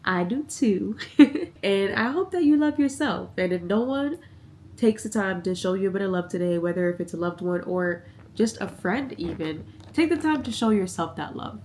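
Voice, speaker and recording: A woman in her twenties chatting casually in a vlog, animated and talkative, a little sick. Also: medium pitch, moderate pace, a little hiss or hum. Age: 20s. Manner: animated, chatty, squeals when excited. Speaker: vlogger.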